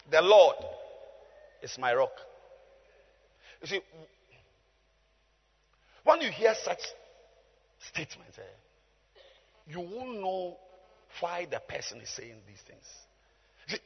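A man preaching an emphatic call-and-response sermon that builds to shouted declarations. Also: high voice, very animated, takes it slowly, pauses often, slightly rough. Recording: reverberant hall, muffled sound, faint music.

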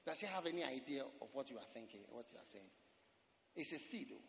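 A man preaching a sermon as pastor, quoting scripture and breaking into dramatic shouts. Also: mid-range voice, very animated, fast, gravelly, a little hiss or hum. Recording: long hall reverb.

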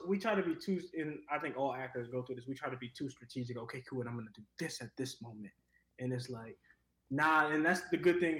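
A young actor from Cleveland talking casually in an interview, rambling with lots of fillers. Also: male voice, mid-range voice, a bit bright, reverberant, poor audio. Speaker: actor guest.

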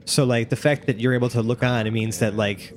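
A man's voice: medium pitch, steady tone, a little fast, slight background noise. A man narrating as game master, rambling with many fillers.

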